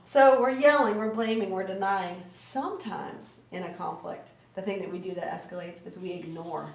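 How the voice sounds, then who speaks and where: Brief woman trainer, lively classroom delivery, quizzes listeners, roomy echo, mic set back. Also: on the low side, moderate pace, vocal fry. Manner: energetic, asks questions, tags "right?". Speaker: conflict resolution trainer. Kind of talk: teaching lesson to children. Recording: echoey room, mic at a distance.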